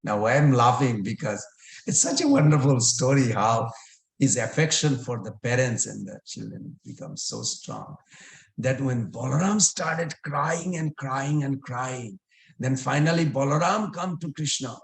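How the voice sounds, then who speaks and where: A man retelling a devotional story to a gathering in a lively, folksy way. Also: mid-range voice, measured pace, creaky. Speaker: storyteller, spiritual teacher. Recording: roomy echo.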